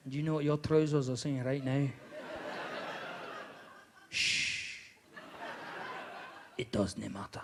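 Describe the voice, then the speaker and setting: A man voicing a smooth-talking Scottish man chatting up a woman, with a slow, suggestive drawl and a Scottish accent. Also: medium pitch, heavy background noise, voice pushed down. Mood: flirting.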